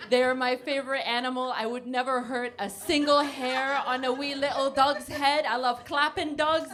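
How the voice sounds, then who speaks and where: A woman's voice: a little high, a bit bright. A woman doing a stand-up comedy set, brash and sarcastic, swearing freely. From United States. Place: basement comedy club before a live audience.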